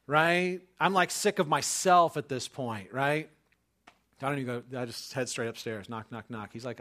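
A man's voice: a little high, lively intonation, normal speed, fairly bright tone. Conversational man preaching with rising intensity. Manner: conversational storyteller, building to emphatic preaching. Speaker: pastor. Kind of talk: sermon with personal story.

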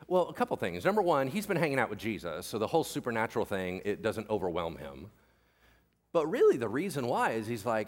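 A man preaching a sermon as pastor, animated and joking, acting out the voices of people in the story. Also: medium pitch, brisk. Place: church.

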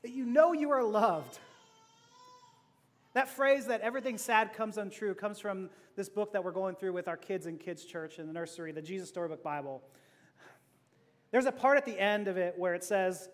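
Man, pastor, sermon, very high voice, playful, shifts loud to quiet, long hall reverb. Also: moderate pace. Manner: playful, laughing asides, swings from loud to hushed.

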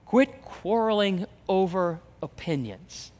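A man's voice: high-pitched, animated, takes it slowly, a little mellow. A man preaching a sermon as pastor, emphatic, repeating phrases and acting out the voices he quotes. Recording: reverberant hall, long echo.

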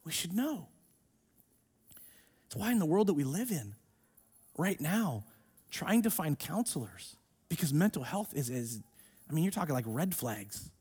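A man preaching a sermon in a church, emphatic and swinging between hushed and loud. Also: a little high, big pitch swings, unhurried, long pauses, breathy edge. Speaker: pastor. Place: church sanctuary, streamed online.

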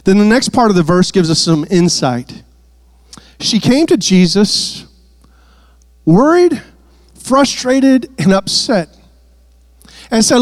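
Preacher, high-voiced man, jokey asides, dry close sound. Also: very animated, slow pace, pauses often, no room sound. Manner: playful asides, repeats words. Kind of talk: sermon.

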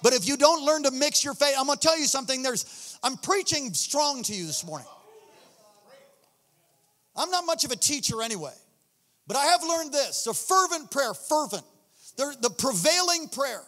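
A man preaching a sermon with fervent passion, a sing-song cadence and swings from loud to hushed. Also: extremely high pitch, expressive, normal speed, pauses often. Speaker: pastor. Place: church sanctuary. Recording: long reverb of a large hall.

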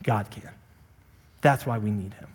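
A man's voice: fairly low pitch, a little slow, slightly rough. A young adult man preaching a sermon as a pastor, earnest and confessional. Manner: earnest, rises to impassioned shouting when retelling his anger. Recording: long reverb in a large hall.

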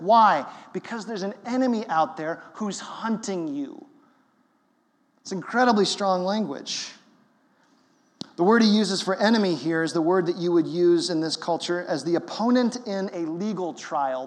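High-voiced pastor preaching in a reverberant hall. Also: male voice. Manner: emphatic, conversational preaching. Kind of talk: sermon.

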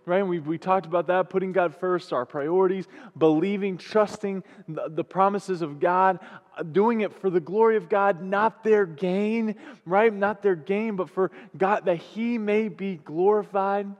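A man's voice: high voice, normal speed, in a large hall. A man preaching a sermon as pastor, repeating key phrases with building emphasis. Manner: emphatic repetition, building intensity.

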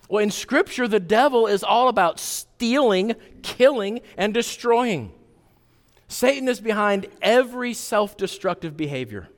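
Male pastor, fairly high voice, dynamic sermon delivery from loud peaks to hushed asides, long hall reverb. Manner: animated, swinging from loud emphatic peaks to quiet intense asides.

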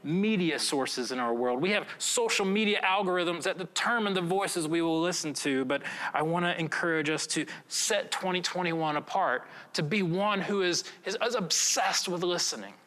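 A man's voice: high voice, moderate pace, few pauses, pushed and bright, in a large hall. A young man preaching a filmed sermon in an earnest, conversational way, often checking in with "right?". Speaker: pastor.

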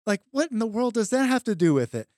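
A man's voice: high-pitched, very animated, quick pace, darkish tone, no echo. Conversational man explaining scripture, dry sound. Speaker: podcast co-host. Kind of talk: casual Bible discussion.

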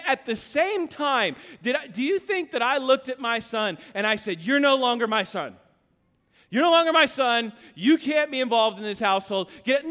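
A man preaching a sermon as pastor, telling a family story and building to shouted appeals. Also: high-pitched. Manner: storytelling, acting out his son, rising to shouted appeals. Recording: long hall reverb.

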